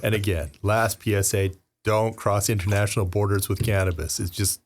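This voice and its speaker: A podcast co-host with a low voice joins the chat. He adds short, dry remarks and cautionary advice. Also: fairly even intonation, fairly quick, slight background noise. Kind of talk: casual chat.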